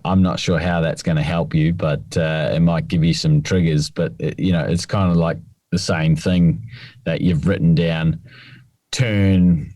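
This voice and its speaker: Deep-voiced man explaining golf rules. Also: little pitch movement, moderate pace, dark tone, no room sound. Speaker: rules expert co-host. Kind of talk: casual chat.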